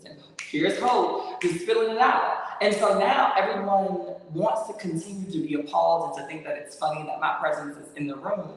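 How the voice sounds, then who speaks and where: A woman host telling a story in casual chat, animated, emphatic and profane. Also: lowish voice, normal speed, hardly any pauses, slight background noise. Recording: echoey room from far off.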